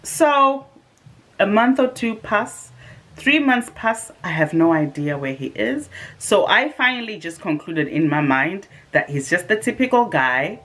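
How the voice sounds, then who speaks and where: A woman's voice: mid-range voice, measured pace. Sarcastic woman telling a story. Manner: animated, sarcastic, with swearing and rhetorical asides. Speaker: vlogger. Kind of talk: casual storytelling to camera.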